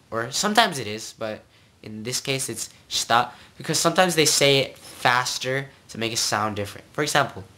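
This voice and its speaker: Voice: medium pitch, sharp tone. An amateur tutor giving a casual, rambling lesson into a home mic, repeating words and often checking in with "okay?".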